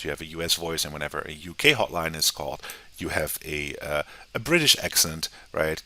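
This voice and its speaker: An American man giving a casual, conversational software tutorial, often checking in with "right?". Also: extremely low pitch. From United States. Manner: relaxed, conversational, often tags sentences with "right?". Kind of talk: screen-recorded software tutorial.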